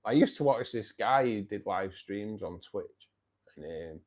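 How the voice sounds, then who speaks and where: A man's voice: lowish voice, expressive, measured pace. Chatty, laughing man in his fifties. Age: 50s. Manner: chatty, self-mocking, laughs often. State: tired. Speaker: livestream host. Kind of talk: casual live-stream chat.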